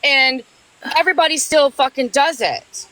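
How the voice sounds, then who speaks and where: A woman's voice: sits high, normal speed, a loud crowd, low-quality recording. An angry woman in a livestream argument, swearing and defending her child.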